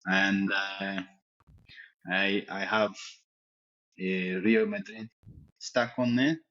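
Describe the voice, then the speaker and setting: Man doing a low-voiced, crude, boastful footballer with a wobbly French-to-Yorkshire accent, muffled podcast sound. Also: little pitch movement, extremely slow, bright, forceful tone, full character voice. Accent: put-on French accent slipping into Yorkshire. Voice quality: pompous, crude, self-satisfied bragging. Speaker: podcast co-host doing an impression.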